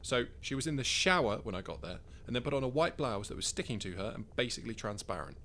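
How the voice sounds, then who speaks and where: A man's voice: mid-range voice, big pitch swings, fast, vocal fry, pushed and bright, slight background noise. A man narrating his own first-person short story in a wry, conversational way.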